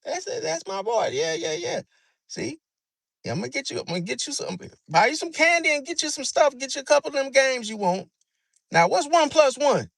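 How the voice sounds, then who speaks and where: Man putting on a shrill exasperated adult scolding a kid. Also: big pitch swings, slow pace, dry recording, clean studio sound, exaggerated voice. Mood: coaxing. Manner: high-pitched, loud, incredulous yelling.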